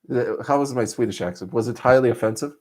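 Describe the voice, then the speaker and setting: A man from Serbia, chatting casually on a live stream, joking and laughing often between lines. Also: medium pitch.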